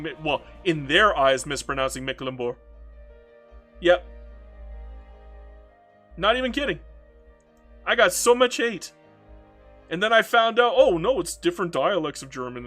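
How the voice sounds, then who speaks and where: A Canadian man with a fairly high voice and a Canadian accent, commentating his strategy game in a casual, ranting way. He swears freely and stumbles over repeated words. Faint music plays under his talk. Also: bright, forceful tone. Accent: Canadian English.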